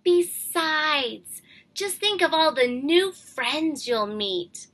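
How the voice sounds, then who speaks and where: A woman's voice: high-pitched, animated, very slow, a bit bright, voice pushed up, heavily acted. Storybook husband, patient and firm, coaxing tone, voiced by a woman reader.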